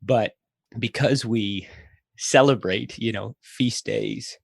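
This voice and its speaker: A man's voice: lowish voice, slow pace, creaky, breathy edge, no echo, clean studio sound. A man in his thirties, a father and podcast guest, telling family stories in a thoughtful way with frequent fillers. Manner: storytelling, thoughtful with frequent fillers and light laughs. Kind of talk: casual podcast conversation.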